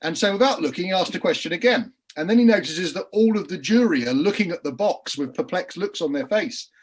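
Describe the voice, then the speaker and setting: Husky guy on a video call, kinda high voice, rambling barrister stories, laughs as he goes. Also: fairly quick. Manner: animated storyteller, laughs mid-story, frequent restarts. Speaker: crime writer and former barrister on a panel. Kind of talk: casual panel chat, anecdotes.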